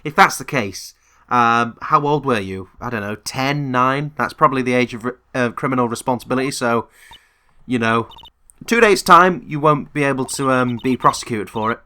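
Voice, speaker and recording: A man's voice: medium pitch, bright, forceful tone, clean tone. A man giving sarcastic, sweary commentary while playing a video game. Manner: mocking and sweary, with drawn-out asides. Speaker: video game let's player.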